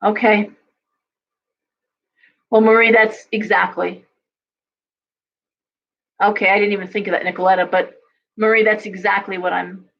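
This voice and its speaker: A woman's voice: medium pitch, little pitch movement, unhurried, vocal fry, long pauses, highs cut off. A middle-aged woman giving a casual live-stream tarot and astrology reading, talking bluntly to her viewers and swearing freely when fired up.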